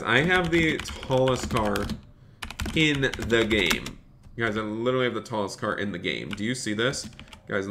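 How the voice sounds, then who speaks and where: A man's voice: medium pitch, bright, forceful tone, slight background noise. A man live-streaming a game, chatty, thanking viewers by name and talking to "you guys" a lot. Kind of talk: live-streamed gameplay commentary.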